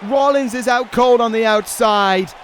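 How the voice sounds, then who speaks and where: A man with a very high voice calls a wrestling video game play by play, swinging between pleading and shouting. A roaring game crowd and loud noise sit under his voice. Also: unhurried, poor audio. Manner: excitable, pleading and shouting at the action. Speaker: YouTube gaming commentator.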